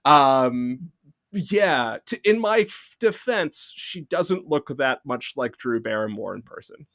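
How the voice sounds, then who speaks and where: A man's voice: mid-range voice, animated, slow pace, a bit bright, dry recording. A man hosting a podcast tells a long, meandering story about himself. He laughs at his own expense and swears casually. The sound is dry and close-miked, with no room in it. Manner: rambling, self-deprecating, swears casually. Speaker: podcast host.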